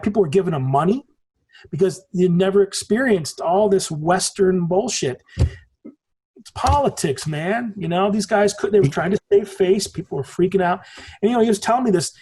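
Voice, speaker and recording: A man's voice: high voice, dark tone, slightly rough. A man in his forties, a podcast guest in casual conversation, telling rambling stories and swearing casually. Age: 40s.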